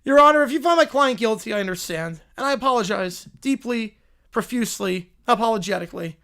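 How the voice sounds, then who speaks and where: A man plays a flustered courtroom lawyer in a comedy sketch who cannot stop saying sorry. He stammers and restarts, nervous even when he tries to sound bold. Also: very high voice, fairly quick, exaggerated voice. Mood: pleading. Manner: nervous, stammering, apologizes constantly. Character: bumbling, endlessly apologetic male defense lawyer.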